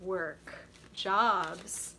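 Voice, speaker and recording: A woman's voice: fairly low pitch, drawn-out words, a little hiss or hum. A young woman hosting a live tarot reading stream, gushing and enthusiastic as she reacts to viewers. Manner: bubbly, gushing, reacts to chat with excited squeals.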